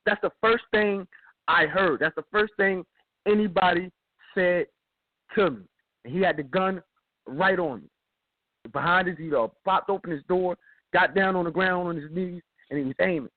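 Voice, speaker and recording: Man, casual storyteller, acts out the shouting, repeats himself, phone-quality sound. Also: high voice, moderate pace, dry recording. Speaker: radio show guest telling a story. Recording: dry tinny phone-like sound.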